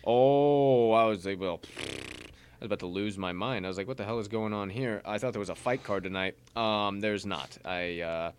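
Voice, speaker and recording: A man co-hosting a casual sports podcast chat, profane and quick to get loud and worked up. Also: deep voice, animated, slight background noise. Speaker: podcast co-host.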